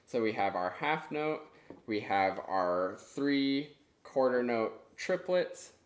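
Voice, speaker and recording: A man gives a clarinet lesson, patiently walking through each step and counting the beats aloud. His voice sits at an ordinary middle pitch and rings in a reverberant room. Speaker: clarinet teacher. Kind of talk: online music lesson. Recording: echoey room.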